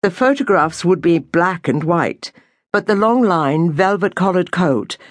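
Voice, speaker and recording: A woman reading an audiobook novel aloud in a measured, unhurried storytelling manner. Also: on the low side, no room sound, clean studio sound. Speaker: audiobook narrator. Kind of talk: scripted narration.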